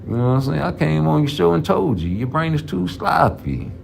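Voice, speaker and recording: Boxing vlogger: gravelly man, rambling and profane, slang-heavy trash talk, faint hiss behind. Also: fairly high pitch, big pitch swings, brisk. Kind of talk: casual trash-talking commentary.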